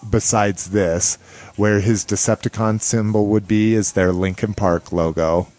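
Man, podcast host, casual chat, joking, low voice, slow. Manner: excited, joking, swears freely.

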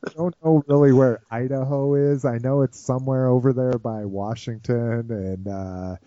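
A man's voice: medium pitch, fairly even intonation, moderate pace, lo-fi sound, noisy background. A man hosting a toy podcast in casual chat, rambling and self-mocking with many fillers. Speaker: podcast host.

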